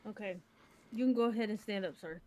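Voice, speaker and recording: A woman playing a calm, polite female doctor in a game role-play, pausing with ums now and then. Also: medium pitch, close to an everyday voice. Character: patient female doctor at a clinic.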